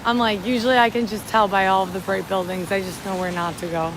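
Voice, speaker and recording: A woman in her twenties from upstate New York hosts a walking livestream on a city street at night in the rain, chatting casually and thanking viewers as she goes. Her mid-range voice is level in tone and quick, with street noise underneath.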